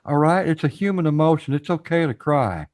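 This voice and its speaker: A man's voice: a little high, expressive, fairly quick, a little mellow. A man hosting a casual live stream panel, encouraging guests to come up and talk, often repeating himself. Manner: encouraging, repeats phrases, addresses chat directly.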